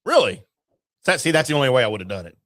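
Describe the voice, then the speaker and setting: Fast-talking jokey male show host. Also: medium pitch, very animated, a bit bright, no room sound, clean studio sound. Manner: jokey, talks with his mouth full. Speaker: podcast co-host. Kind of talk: casual sports show chat.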